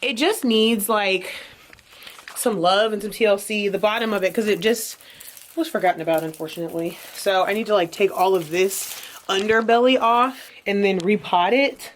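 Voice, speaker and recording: A woman chatting casually in a home vlog, animated, her voice jumping high when she exclaims. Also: normal speed, a little hiss or hum. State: a bit out of breath. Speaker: vlogger. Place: apartment rooms, moving around.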